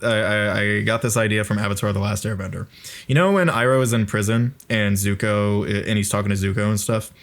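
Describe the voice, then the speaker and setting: A young man giving excited, rambling commentary on his own video, swearing freely and laughing often. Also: on the low side.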